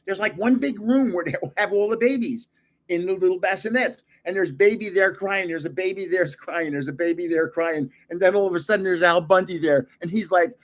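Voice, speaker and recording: Here a high-pitched older man talks a little fast as he opens cards on his collecting channel. He's a rambling, chatty storyteller who keeps laughing at his own jokes.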